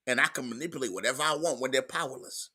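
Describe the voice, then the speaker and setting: A man preaching a sermon in an emphatic, repetitive style, moving between quiet stretches and loud outbursts. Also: mid-range voice, rapid-fire. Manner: emphatic preaching, repeats words, swings from soft to loud.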